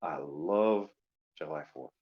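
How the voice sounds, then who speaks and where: This caller from Louisiana speaks slowly in a rumbling, husky low voice, rambling and joking with lots of filler words. His voice-call microphone cuts off the highs during the casual chat.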